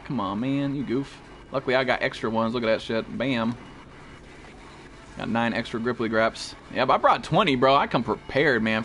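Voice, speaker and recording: Excitable, foul-mouthed male game streamer. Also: medium pitch, a little hiss or hum. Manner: excitable, swears constantly, frequent startled outbursts. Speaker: gameplay streamer. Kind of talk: profane live gameplay commentary. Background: faint background music.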